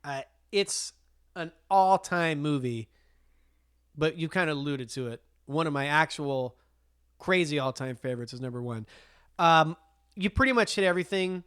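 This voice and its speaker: A man chatting enthusiastically about films as a podcast co-host, his voice sitting a little higher than most men's. He keeps piling on fillers and restarts as he works up his excitement. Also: normal speed, smooth. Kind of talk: casual film chat.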